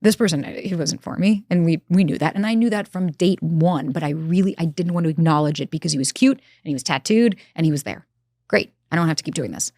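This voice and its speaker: Low-voiced woman rattling off stories fast, casual swearing, dry close sound. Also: darkish tone, dry recording. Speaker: relationship expert guest. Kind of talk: candid conversational interview. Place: Los Angeles.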